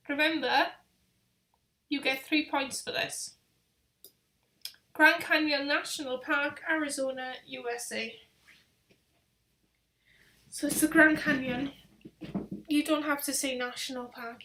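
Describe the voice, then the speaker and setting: High-voiced chatty woman hosting a quiz. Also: sharp tone, slight background noise. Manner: chatty, rambling, self-deprecating. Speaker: travel vlogger hosting a live quiz. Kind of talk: casual live-stream chat.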